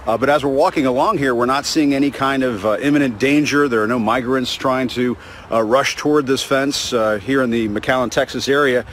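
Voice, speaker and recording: A man reporting from outdoors by a highway, speaking haltingly with many fillers. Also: fairly bright tone, slight background noise. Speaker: field reporter. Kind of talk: on-location report.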